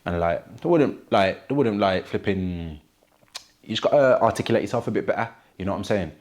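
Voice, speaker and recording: A man's voice: lowish voice, animated, a little fast, a little mellow. A young man with a Wolverhampton accent, a rapper talking casually in an interview, full of street slang and "you get me" tags. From Wolverhampton, England.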